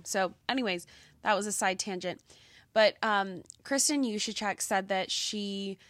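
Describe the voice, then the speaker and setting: A woman's voice: mid-range voice, no room sound. A young woman hosting a podcast, chatting casually with lots of fillers and gushing enthusiasm. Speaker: podcast host. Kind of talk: casual commentary.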